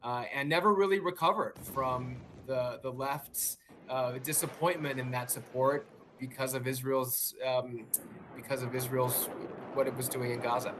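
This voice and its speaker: A man reporting live as a news correspondent, measured and pausing on fillers and restarts. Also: medium pitch, fairly even intonation, a bit bright, a little hiss or hum. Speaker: White House correspondent.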